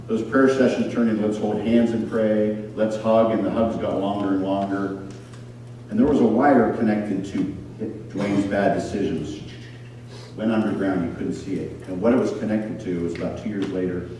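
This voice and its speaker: A man preaching a sermon, telling stories with lively acted-out voices. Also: sits low, normal speed, distant mic, a little hiss or hum. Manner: animated storyteller, acts out voices. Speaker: pastor. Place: school church hall. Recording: echoey hall picked up from afar.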